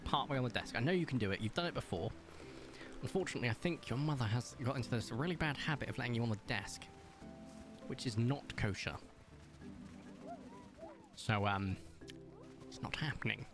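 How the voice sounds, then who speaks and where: A man of thirty talks casually into his desk microphone while streaming a game from home. He slips into a high, coaxing voice to talk to his cat. Faint game music runs underneath. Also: expressive, fairly quick, long pauses. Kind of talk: casual gaming stream chat.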